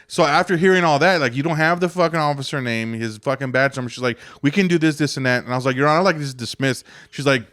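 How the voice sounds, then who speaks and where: A man's voice: mid-range voice, fast talker, few pauses, fairly bright tone, dry recording, clean studio sound. A man on a podcast, telling a story in casual chat and acting out what other people said, swearing often. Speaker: podcast co-host.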